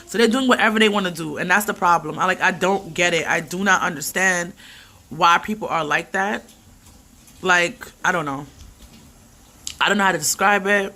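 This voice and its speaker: A woman with a lowish voice and a moderate pace chats and rants animatedly in a casual, rambling vlog. She laughs often as she talks.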